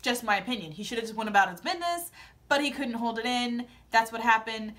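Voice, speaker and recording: Sassy high-voiced young woman vlogger. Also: fast. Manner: sassy, animated, opinionated commentary. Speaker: vlogger recapping a TV show. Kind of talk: casual chat.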